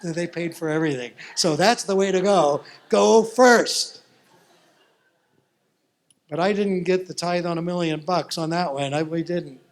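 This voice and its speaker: A male pastor telling a story in a sermon, animated and folksy. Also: on the high side.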